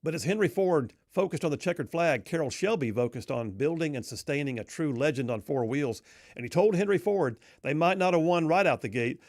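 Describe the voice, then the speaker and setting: A man's voice: mid-range voice, a little mellow, dry recording, clean studio sound. Folksy, emphatic male radio host. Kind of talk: dramatic storytelling on talk radio.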